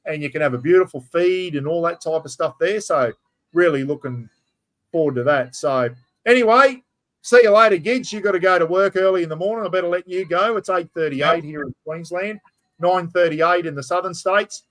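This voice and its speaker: A middle-aged Australian man whose voice sits a little higher than most men's. He hosts a casual live stream in a blunt, easygoing way, swearing freely and calling his viewers mate. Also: moderate pace, fairly bright tone. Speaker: livestream host.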